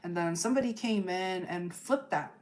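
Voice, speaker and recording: A woman with a slightly low voice gives a live tarot reading in an unscripted, rambling way. She strings thoughts together with fillers and frequent "okay?" checks. When she quotes people, she slips into lively made-up voices. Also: normal speed. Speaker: tarot reader. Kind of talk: live astrology energy forecast.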